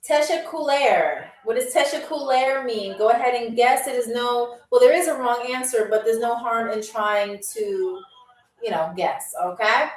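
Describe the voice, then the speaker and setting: A woman hosting a live-streamed trivia game. She is chatty and playful, and she repeats foreign words slowly for her viewers. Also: on the high side. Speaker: game show host. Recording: echoey room, distant from mic, faint music.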